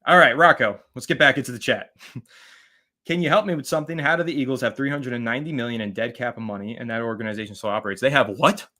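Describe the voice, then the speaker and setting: A man hosting a live fan stream, chatting casually, rambling and shouting out viewers by name as he reads their comments. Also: medium pitch, quick pace, few pauses.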